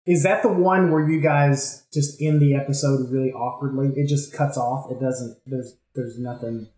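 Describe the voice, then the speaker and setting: A man's voice: medium pitch, fairly even intonation, normal speed, mellow. Hesitant man in an echoey room. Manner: hesitant, thoughtful, fillers. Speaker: podcast guest host. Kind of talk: casual chat. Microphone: remote call.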